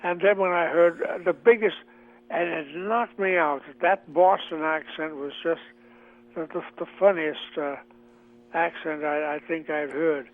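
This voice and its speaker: A man's voice: fairly high pitch, fairly even intonation. Older male comic-actor guest, phone-quality audio, chatty with lots of fillers. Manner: chatty, halting with many fillers. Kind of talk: radio interview, reminiscing. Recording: tinny phone line.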